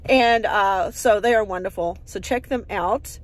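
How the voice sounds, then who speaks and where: A woman's voice: mid-range voice, measured pace. A woman, chatting casually in her yard for a vlog, upbeat and rambling with lots of fillers. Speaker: vlogger.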